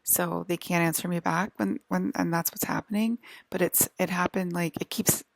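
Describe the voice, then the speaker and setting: A woman vlogger talking in a rambling, halting monologue full of restarts and fillers, sometimes dropping to a whisper. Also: fairly low pitch, steady tone, vocal fry, dry recording.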